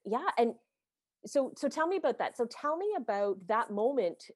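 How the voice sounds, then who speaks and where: A woman hosting a podcast interview, speaking effusively with many halting restarts and gentle questions. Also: fairly high pitch, expressive, dry recording, clean studio sound. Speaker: podcast host. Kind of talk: conversational interview.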